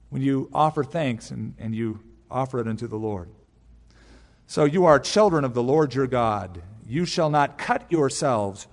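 A man preaching in a large church sanctuary, teaching through scripture verse by verse. He talks in a relaxed, conversational way and drops in personal stories. His voice sits a little high, and it carries a long echo around the hall. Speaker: pastor. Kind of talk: expository sermon.

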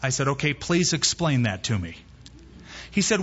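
Emphatic pastor preaching in a reverberant hall. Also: male voice, medium pitch, big pitch swings, fairly bright tone, husky. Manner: emphatic, slows down on key words. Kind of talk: sermon. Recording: muffled hall recording with long reverb.

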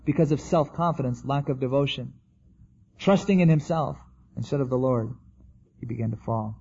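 A man's voice: medium pitch, normal speed, darkish tone, slightly rough, highs cut off. A man preaching a sermon in a conversational way, acting out the quotes he tells. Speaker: pastor.

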